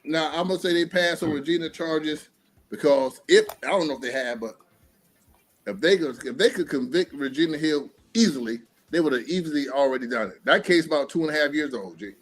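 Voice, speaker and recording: A man hosting a casual streamed talk show, speaking in an animated, profane way and acting out quotes. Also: on the high side, fairly quick. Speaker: podcast host.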